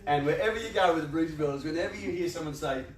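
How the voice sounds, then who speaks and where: A man's voice: fairly high pitch, racing, background noise. A man gives a motivational talk to a live audience in a large room. He talks conversationally and playfully, laughs often, and acts out people's inner voices. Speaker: youth organisation speaker. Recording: echoey room, voice picked up from a distance.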